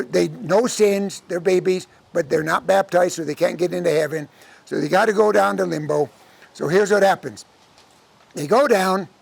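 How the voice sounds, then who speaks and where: A man telling a traditional folk tale to a live audience, acting out the characters' lines in an animated way. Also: high-pitched, creaky. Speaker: storyteller. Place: lecture audience setting.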